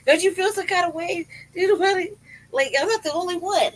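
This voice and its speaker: A podcast host with a very high-pitched voice talks quickly through a casual, profanity-laden rant. Laughing often, they openly question how they feel. Recording quality is rough.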